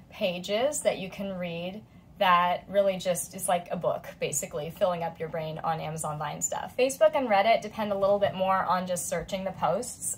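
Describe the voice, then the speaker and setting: A woman in her thirties talks casually to camera in a chatty, expressive way. She tells her story with feeling and acts out the lines of the people in it. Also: on the low side, a little hiss or hum, poor audio. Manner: chatty and expressive, voicing quoted friends. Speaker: vlogger.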